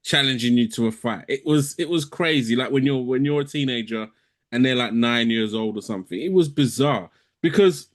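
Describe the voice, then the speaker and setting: A man's voice: medium pitch, a little fast. A young man, co-hosting a podcast, teasing and laughing often while he lays out long explanations. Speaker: podcast co-host. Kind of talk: casual banter.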